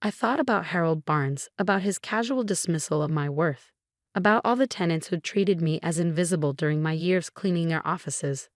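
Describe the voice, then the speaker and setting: Low-voiced woman narrating a story. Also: normal speed, no room sound, clean studio sound. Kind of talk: scripted first-person story narration.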